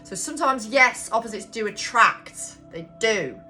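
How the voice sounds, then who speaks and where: A woman's voice: a little high, animated, unhurried, bright, forceful tone. Woman, tarot reader, casual, blunt and sweary, rambling, music playing behind. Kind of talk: casual collective tarot reading. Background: background music.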